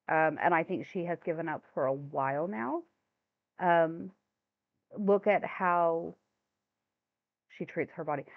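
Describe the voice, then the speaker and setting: A woman's voice: on the low side, no room sound. A woman hosting a reaction commentary, sounding exasperated and incredulous, stumbling over her words when flustered. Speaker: commentary channel host. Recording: thin phone-like dry sound.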